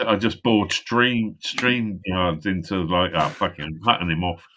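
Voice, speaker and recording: Man with a low, bright voice, swearing. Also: steady tone, measured pace, a little hiss or hum. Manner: swears a lot, rambling and laughing. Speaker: co-host of a live stream. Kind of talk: casual chat. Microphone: video call.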